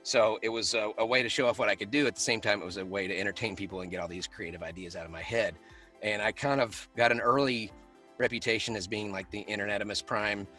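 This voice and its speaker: A man guest talks quickly in a bright, forceful voice and tells animated stories with frequent laughs. His voice sits slightly low. Faint music plays behind him. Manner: animated storyteller who laughs often. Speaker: voice actor guest. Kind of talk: casual interview chat.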